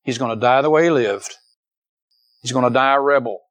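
An older man preaching a sermon as pastor, swinging from loud emphatic peaks down to quiet, low passages and repeating rhetorical questions to the congregation. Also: a little fast, no echo, poor audio. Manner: repeats "Can I tell you" and asks for amens.

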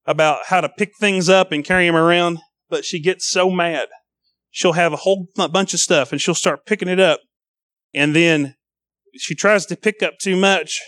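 A man's voice: high voice, a bit bright, dry recording, clean studio sound. A young man preaching a sermon to a congregation, earnest and pleading, repeating his phrases as he calls people to the altar.

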